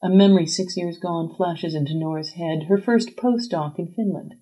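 A woman reading a literary story aloud as a scripted narration, measured and even. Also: on the low side, poor audio.

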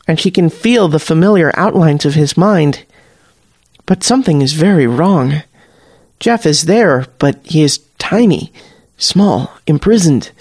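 A man narrating a short story in a steady, wry storytelling voice. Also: on the high side, dry recording, clean studio sound. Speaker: story reader. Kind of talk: scripted narration.

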